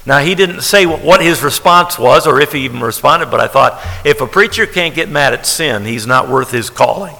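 Bright-voiced preacher in an echoey hall. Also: male voice, fairly high pitch, lively intonation, moderate pace, creaky, few pauses. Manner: conversational preaching, repeating phrases for emphasis. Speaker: pastor. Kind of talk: sermon.

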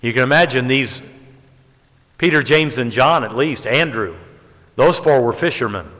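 A man preaching a sermon, telling stories and rising to emphatic high peaks. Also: normal speed, fairly bright tone. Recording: long hall reverb.

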